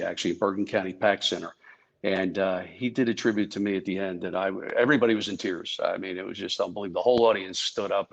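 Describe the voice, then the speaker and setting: An older man from New Jersey, a former Secret Service agent, telling stories in an animated, joking way and acting out the dialogue. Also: deep voice, creaky. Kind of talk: anecdotal storytelling.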